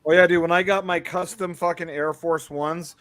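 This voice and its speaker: A man's voice: fairly high pitch, normal speed, dry recording. A man co-hosting a podcast in casual banter, swearing freely and joking sarcastically. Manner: profane, animated, sarcastic. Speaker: podcast co-host.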